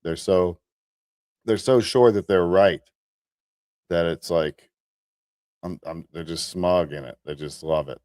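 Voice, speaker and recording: A man's voice: low-pitched, slow, long pauses, darkish tone, no echo, clean studio sound. A man hosting a show, talking casually over clips he plays, with sarcastic and mocking asides. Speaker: host and commentator. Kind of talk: commentary over played clips.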